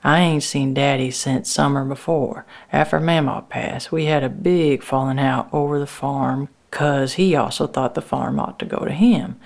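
A woman telling a first-person story in folksy rural dialect, with halting restarts. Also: rumbling low, fairly even intonation, creaky.

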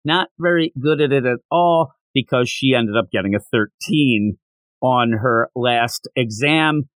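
A middle-aged man co-hosting a podcast, recapping a manga chapter in casual chat, animated and dropping into silly voices when quoting characters. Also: mid-range voice, measured pace, no echo. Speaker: podcast co-host.

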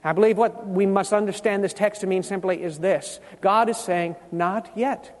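A man preaching a sermon, quizzing his congregation with questions and repeating key words slowly for emphasis. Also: sits high, in a large hall.

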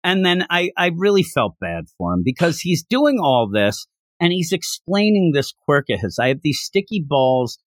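Lively, animated man on a podcast. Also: high voice, normal speed, no echo. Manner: animated storytelling, acting out quotes. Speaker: podcast host. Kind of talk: casual manga discussion.

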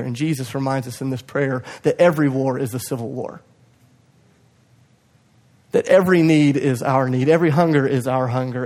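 A young man preaching a sermon to his church, passionate, swinging from loud urging to hushed quiet, with self-deprecating asides. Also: medium pitch. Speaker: pastor. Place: church hall.

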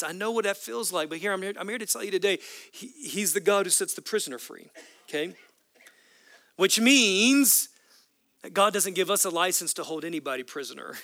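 A male pastor delivers a sermon with a high, bright, forceful voice. He builds impassioned runs of repeated phrases. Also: no room sound. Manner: impassioned, repetitive preaching cadence.

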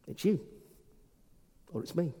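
A man's voice: measured pace, mellow. A middle-aged man, a priest, preaching an informal sermon in a conversational way, often stumbling and restarting his words. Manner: conversational, frequent stammered restarts. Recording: reverberant hall.

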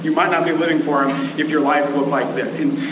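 A man in his thirties preaching a sermon as pastor, conversational and building to animated emphasis. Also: on the high side, a little fast, noisy background. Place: church sanctuary. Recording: echoey hall.

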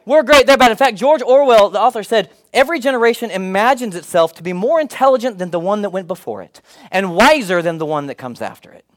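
A middle-aged male pastor with a high-pitched voice preaches fast, telling humorous stories animatedly and putting on voices. The audio quality is poor.

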